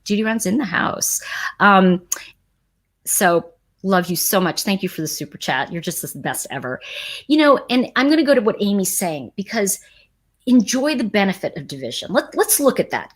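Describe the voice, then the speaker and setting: Woman, livestream host, husky, lively swooping pitch, emphatic, rambling casual talk. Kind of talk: casual talk to a live chat audience.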